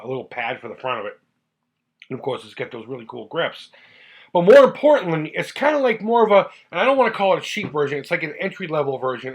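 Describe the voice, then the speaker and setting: A middle-aged man from the United States who hosts a retro gaming channel, talking in a chatty, heartfelt vlog style that rambles and restarts. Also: on the high side. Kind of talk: casual vlog talk.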